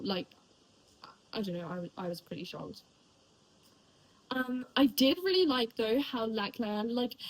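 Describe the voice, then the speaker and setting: A woman's voice: a little high, husky, poor audio. A young woman chatting casually about the books she read, rambling with lots of fillers and likes. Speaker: book reviewer. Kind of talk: casual chat.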